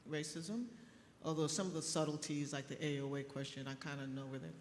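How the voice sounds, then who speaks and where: A middle-aged woman physician speaking on a conference panel, telling stories in a lively way with laughs. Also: sits low, fairly quick, slight background noise. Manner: animated storytelling with laughs. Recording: echoey hall with faint ambience.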